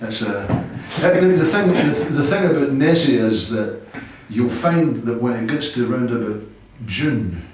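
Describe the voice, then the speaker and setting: A man's voice: mid-range voice, lively intonation, a little slow, hardly any pauses. Scottish man, rambling and chuckling in an echoey room. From Scotland. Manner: rambling anecdotes, chuckling often. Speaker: rock musician being interviewed. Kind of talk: casual interview chat. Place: old cinema venue. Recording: echoey room from a distant mic.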